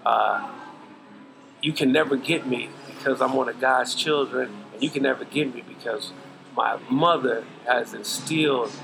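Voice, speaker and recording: A man's voice: mid-range voice, unhurried, gravelly, over music, poor audio. A middle-aged man, a podcast guest, giving earnest, preachy life advice in casual talk full of slang. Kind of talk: casual interview chat.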